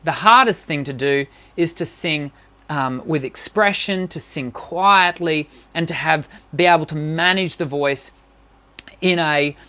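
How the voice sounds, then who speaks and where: A woman's voice: sits low, unhurried, bright, forceful tone. A woman vocal coach giving an encouraging, conversational live-streamed singing lesson and answering questions, with frequent restarts.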